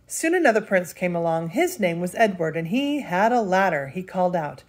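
An older woman, a grandmother, reading a picture book aloud with lively expression. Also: fairly low pitch, a little slow, slightly rough. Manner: expressive, laughs between lines. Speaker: storyteller.

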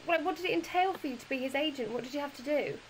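A woman's voice: high voice, very fast, a little hiss or hum, poor audio. A woman hosting an interview over a video call, asking curious, encouraging questions. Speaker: interview host. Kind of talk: casual interview.

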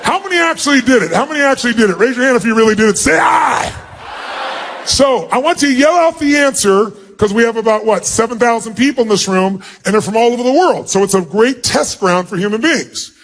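A man's voice: very high-pitched, lively intonation, fairly bright tone, a little hiss or hum. Commanding man addressing a huge crowd. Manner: commanding, calls for audience responses; acts out quick mock greetings. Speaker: motivational speaker. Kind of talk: live seminar speech to a large crowd. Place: large auditorium.

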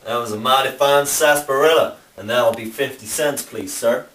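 A man's voice: medium pitch, normal speed, fairly bright tone, voice pushed up, close to an everyday voice. A man voicing a folksy old-timey male bartender with a put-on American Southern drawl. He calls people sir and son in a courtly way, in an amateur comedy sketch. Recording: roomy, distant camera mic, faint noise.

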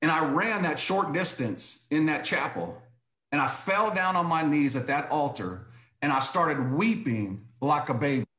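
A man's voice: on the high side, lively intonation, measured pace, a bit bright, roomy sound. A man telling his personal testimony as a guest, emphatic and repetitive, often saying "I said".

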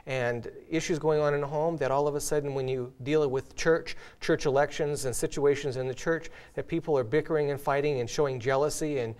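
A man's voice: a little high, fairly even intonation, fairly quick, few pauses, darkish tone, clear, resonant tone. Earnest male host telling illustrations. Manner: earnest storyteller, tells illustrations with light laughs. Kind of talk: casual spiritual discussion.

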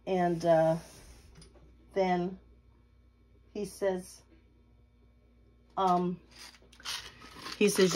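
A woman's voice: low-pitched, steady tone, takes it slowly, pauses often, slight background noise. A middle-aged woman hosting a crafting video, telling a rambling personal story while she works, laughing often. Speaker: crafting channel host.

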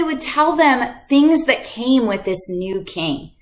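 A woman teaches a children's Bible lesson in a higher-than-average voice. Her pitch swoops all over as she explains and acts out little voices. The delivery is animated and geared to young listeners. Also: slow. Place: church video lesson.

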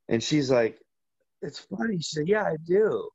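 A man telling a long, rambling story as an interview guest, halting and full of restarts. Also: medium pitch, very animated, a little mellow, breathy edge, dry recording, lo-fi sound. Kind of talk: casual storytelling.

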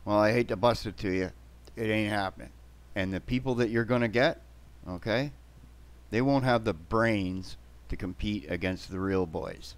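An older man holds forth in a blunt, combative rant, pressing his points with repeated "right?" and "okay?". His voice sits low and comes through smooth and clear. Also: normal speed. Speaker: vlogger. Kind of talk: ranting monologue to camera.

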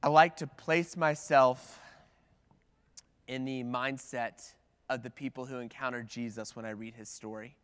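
A man with a medium-pitched, fairly even, slightly slow voice that sounds a bit bright and smooth preaches from the pulpit of a church sanctuary. His sermon is conversational, full of "like"s and restarts, and the church hall gives it a long reverb.

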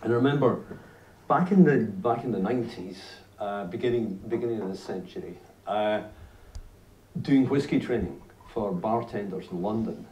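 A whisky writer from Glasgow, a man in his fifties with a Scottish accent, gives a lively talk to a live audience at a tasting event indoors, telling stories, saying "you know" a lot and often restarting sentences. His voice sits on the low side at a normal speed. The audio comes from a distant camera in the audience, sounding roomy with faint noise.

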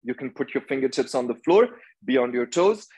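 A man's voice: medium pitch, expressive, moderate pace, a little mellow, breathy edge, rough recording. Firm male yoga teacher counting poses. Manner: firm, rhythmic commands and counting. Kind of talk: hot yoga class instruction. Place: yoga studio.

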